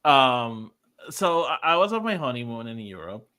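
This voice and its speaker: A man's voice: mid-range voice, moderate pace, clear, resonant tone. A man co-hosting a podcast, telling a long casual story and acting out the dialogue in it. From Puerto Rico. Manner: animated, acts out quoted dialogue. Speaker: podcast co-host.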